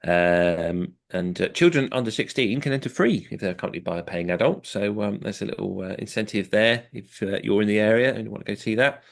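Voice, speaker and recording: A British man co-hosting a podcast, reading event listings in a relaxed, chatty way with lots of fillers and self-deprecating laughs. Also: fairly low pitch, a little fast, creaky, few pauses. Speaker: podcast co-host.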